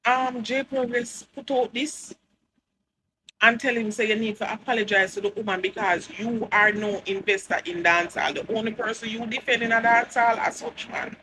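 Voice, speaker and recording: A woman's voice: fairly high pitch, fairly even intonation, moderate pace, pushed and bright, rough recording. Jamaican woman chatting over background noise. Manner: chatty, mocking, laughs often. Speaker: entertainment news vlogger. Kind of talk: casual commentary.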